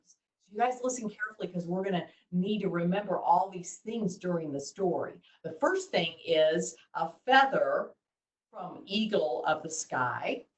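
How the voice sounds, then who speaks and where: Animated woman telling kids a story. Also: on the low side, a little slow. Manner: animated, asks the kids questions. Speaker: children's storyteller. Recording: roomy, distant mic.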